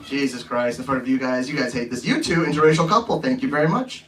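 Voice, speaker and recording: A man's voice: medium pitch, fast, slight background noise. A man in his thirties doing brash, teasing, profane crowd work as a stand-up comedian on a club stage. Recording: distant mic, loud laughing crowd.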